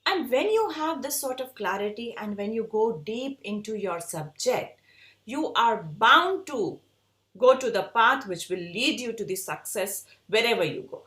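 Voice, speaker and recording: A woman's voice: on the high side, lively intonation, unhurried, fairly bright tone, roomy sound. Earnest woman with Indian English accent. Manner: earnest, emphatic, advising. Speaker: design educator. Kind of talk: motivational talk to students.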